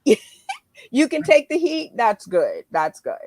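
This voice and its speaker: Higher-voiced woman hosting a dry call. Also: huge pitch swings, slow pace, darkish tone, no room sound. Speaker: show host. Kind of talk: casual interview talk.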